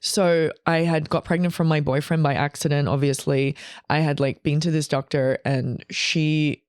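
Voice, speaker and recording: A woman's voice: low voice, steady tone, moderate pace, darkish tone, clean tone, no room sound, clean studio sound. A woman in her forties telling a long personal story on a podcast, rambling and emotional, with frequent swearing and restarts. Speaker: comedian guest. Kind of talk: candid storytelling chat.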